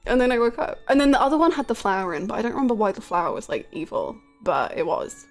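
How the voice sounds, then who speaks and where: A woman with a fairly high voice chats casually on a live game stream, rambling and giggling as she talks to viewers. Soft music plays faintly behind her. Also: expressive, fast talker, few pauses.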